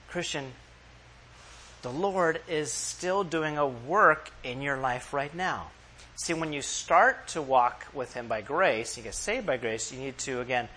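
Bright-voiced man preaching a sermon. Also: mid-range voice, slight background noise. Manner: emphatic, slows down to read verses aloud; addresses the congregation directly with questions. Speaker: pastor. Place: church room with a congregation.

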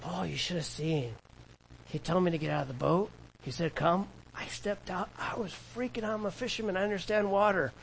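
A man voicing an impulsive fisherman apostle who excitedly recalls miracles, often dropping to a hushed tone. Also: on the high side, moderate pace, gravelly, slight background noise, low-quality recording. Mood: awed.

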